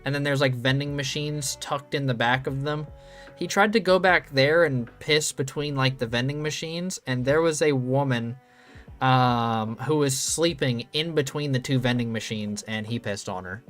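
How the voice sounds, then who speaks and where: A man's voice: medium pitch, normal speed, a bit bright, faint music behind. A young adult man streaming, telling loose, rambling stories with lots of ums and casual swearing.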